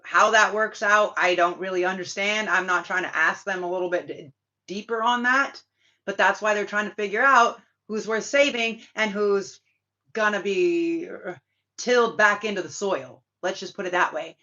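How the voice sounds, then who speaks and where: A woman hosting a casual spiritual monologue, talking emphatically and ramblingly, swearing freely and filling pauses with ums and likes. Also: mid-range voice, bright, forceful tone. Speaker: spiritual reader and channel host. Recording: dull lo-fi sound.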